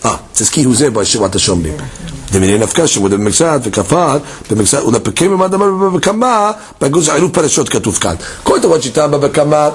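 A man teaching a Talmud class, moving between quick Hebrew text reading and explanation while acting out the claims in a case. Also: fairly high pitch, breathy edge. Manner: lively, leaps between English and Hebrew text reading, acts out case dialogues.

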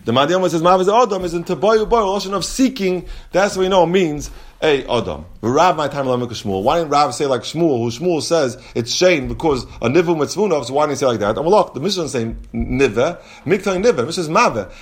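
A man leads a Talmud class. His voice sits a little high and moves in a study singsong. He mixes Hebrew and Aramaic terms into his as he explains. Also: lively intonation, brisk. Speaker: Talmud teacher.

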